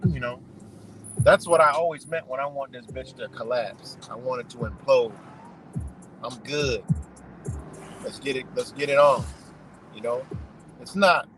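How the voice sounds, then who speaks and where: A man's voice: medium pitch, measured pace, long pauses, a bit bright, rough recording. A man ranting casually and profanely from his car on a live stream, rambling and saying "you know" over and over. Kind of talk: casual rant. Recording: clear music under the voice.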